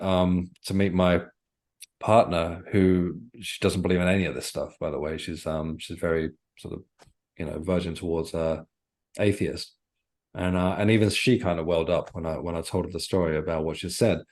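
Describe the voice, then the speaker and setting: A man with a very low, deep voice, speaking as a guest author on a podcast. He tells his story in a reflective, earnest way and often stops to search for the right words. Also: a little mellow. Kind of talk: podcast interview, personal storytelling.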